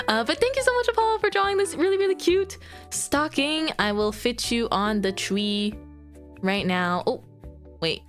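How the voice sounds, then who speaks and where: A woman's voice: a little high, a little slow, long pauses. A woman streaming from home, chatting casually to her viewers in a bubbly, giggly way that rambles from one thing to the next. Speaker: VTuber streamer. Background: faint background music.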